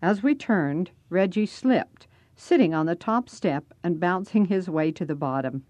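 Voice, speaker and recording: A woman's voice: on the low side, animated, unhurried, a little mellow, dry recording. A woman narrating a first-person story aloud, reading expressively.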